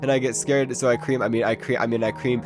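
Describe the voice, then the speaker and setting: A man's voice: medium pitch, little pitch movement, quick pace, over music. A man narrating a parody horror story in a mock-serious, absurdly rambling way. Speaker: comedic narrator.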